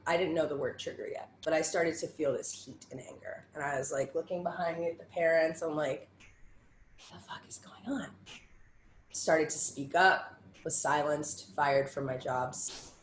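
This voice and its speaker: A woman's voice: low-pitched, fairly even intonation, moderate pace. A woman telling her own story as a survivor on a panel, candid and raw, swearing freely and piling up short phrases. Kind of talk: personal testimony in a panel talk. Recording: roomy echo with faint background hum.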